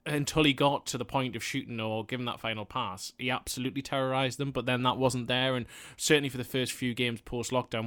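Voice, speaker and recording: A man co-hosting a casual football chat, measured and thoughtful. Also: mid-range voice, fairly bright tone, smooth. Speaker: podcast co-host, football writer.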